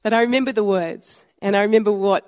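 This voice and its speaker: A woman's voice: medium pitch, steady tone, fast, darkish tone. A woman in her fifties with an Australian accent, preaching a sermon in a chatty storytelling way with frequent chuckles. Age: 50s. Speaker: pastor. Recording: long hall reverb.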